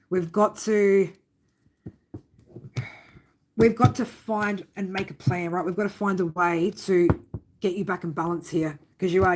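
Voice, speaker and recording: A woman doing a live tarot reading for viewers. She talks bluntly and warmly, swearing often and tagging lines with "right?". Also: mid-range voice. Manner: blunt, swearing, fond tough-love talk with many "right?" tags. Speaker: tarot reader.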